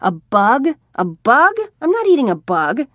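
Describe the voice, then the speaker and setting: A woman's voice: mid-range voice, normal speed, dry recording, studio quality, natural voice. A woman voicing a nineteen-year-old male vampire who is anxious, whiny and easily worked up in an audiobook. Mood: agitated. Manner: excitable, complaining.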